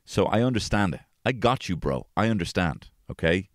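A man hosting a podcast, telling casual stories about his family, swearing freely and jumping into high-pitched voices when quoting people. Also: moderate pace, no room sound, clean studio sound. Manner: swears freely, animated, acts out quotes in a high voice. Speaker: podcast host. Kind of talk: casual storytelling chat.

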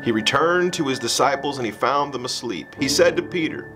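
Man reading scripture slowly and solemnly. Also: mid-range voice, animated, bright, forceful tone, soft background music. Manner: slow, measured, solemn reading. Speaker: pastor.

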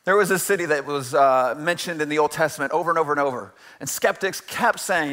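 A man's voice: fairly high pitch, fast, hardly any pauses, sharp tone. A man in his forties preaching a conversational sermon to his church, often tossing in "right?" and laughing along as he talks. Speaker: pastor. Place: church sanctuary.

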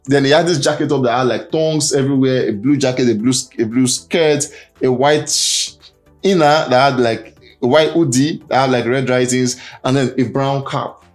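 A man's voice: mid-range voice, normal speed. A young man hosting a casual entertainment news roundup, chatty and full of fillers, over faint music. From Nigeria. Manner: chatty, reads out fan comments, frequent fillers.

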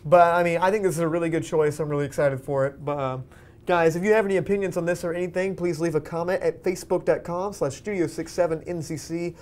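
A man's voice: a little high, steady tone, quick pace, a little mellow. A man hosting a casual movie podcast, eager and chatty, steering the talk and asking the others for their views. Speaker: podcast host.

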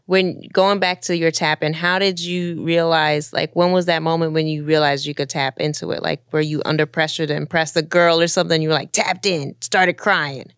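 A woman hosting a cooking show, chatting playfully with her guest in a kitchen and firing off animated questions. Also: low-pitched, moderate pace, few pauses, smooth, no room sound, clean studio sound. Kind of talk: casual interview chat.

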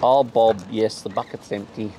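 A man who runs a bird-feeding channel, chatting casually and playfully to wild birds in a high, sing-song baby-talk voice. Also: fairly even intonation, normal speed. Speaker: bird feeder and channel host. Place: outdoors with wild cockatoos. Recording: noisy outdoor recording.

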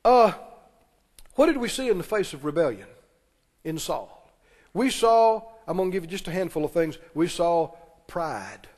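A man preaching a sermon, calling on the congregation to respond and breaking into quick asides. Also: high voice, big pitch swings, a little mellow. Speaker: pastor. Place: church sanctuary. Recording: long reverb of a church hall.

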